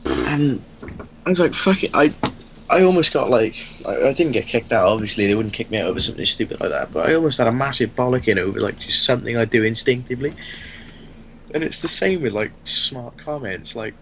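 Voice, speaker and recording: A man's voice: mid-range voice, brisk, a little hiss or hum. A young man swearing freely as he tells school stories in a casual chat. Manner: animated, sweary, laughs while telling. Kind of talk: casual storytelling.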